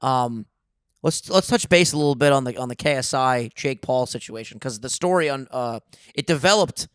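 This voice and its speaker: A man's voice: medium pitch, fairly bright tone, clear, resonant tone, no room sound, clean studio sound. A man co-hosting a podcast, telling stories in a loose, profane, joking way. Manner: loose, profane storytelling with quick jokes. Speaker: podcast co-host. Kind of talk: casual podcast banter. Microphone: studio dynamic microphone.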